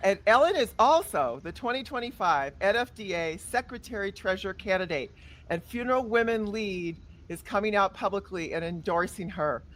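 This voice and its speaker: A woman's voice: mid-range voice, lively intonation, normal speed. A woman hosting a podcast, chatting with guests in an upbeat, enthusiastic way. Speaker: podcast host. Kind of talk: casual podcast chat.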